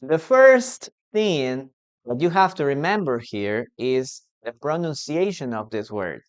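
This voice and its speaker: Slow, clear-voiced teacher. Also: medium pitch, expressive. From Peru. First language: Spanish. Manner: repetitive, drills pronunciation, asks the class questions. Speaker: English teacher. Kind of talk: live online English lesson.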